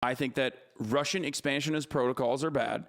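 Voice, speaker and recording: A man's voice: medium pitch, fairly even intonation, fairly quick, a bit bright. A man in his thirties ranting profanely and mockingly as a livestream streamer reacting to content.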